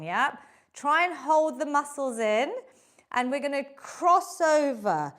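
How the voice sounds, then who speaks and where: High-voiced woman leading a workout. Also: a bit bright. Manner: encouraging, coaching through moves while exercising. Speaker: fitness instructor. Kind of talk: live online workout class instruction.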